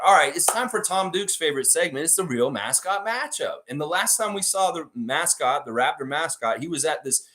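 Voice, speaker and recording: Male fan-show host, casual and profane livestream talk, lively pitch. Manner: animated, profane storytelling. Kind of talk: casual livestream chat with viewers.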